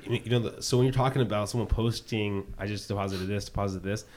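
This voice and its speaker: Fast-talking deep-voiced male host. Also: steady tone, darkish tone, slight background noise. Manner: quick, asks probing follow-up questions. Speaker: podcast host. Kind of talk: casual interview.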